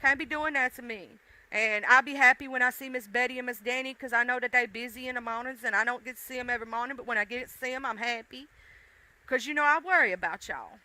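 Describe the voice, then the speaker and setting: A woman from the American South with a mixed deep-South accent chats loosely with her livestream viewers. She rambles, talks straight to the chat and curses casually. Her voice is very bright and sharp, recorded dry and close. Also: fast talker, no room sound, rough recording. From Southern United States. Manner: rambling, chatty, swears freely, addresses chat directly. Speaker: livestream host.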